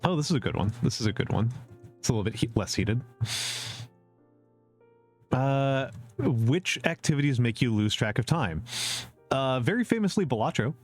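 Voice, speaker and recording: A man's voice: medium pitch, very animated, moderate pace, pauses often, faint music behind. A man streaming a casual question-and-answer chat, opinionated and repeating his points for emphasis, with many fillers. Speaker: VTuber streamer.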